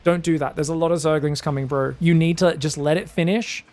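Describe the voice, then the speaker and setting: A man giving solo commentary on a strategy game match, excitable and chatty, bursting into shouted reactions and talking straight to his viewers. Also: a little high, a little fast. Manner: chatty asides, addresses viewers as guys. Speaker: esports caster.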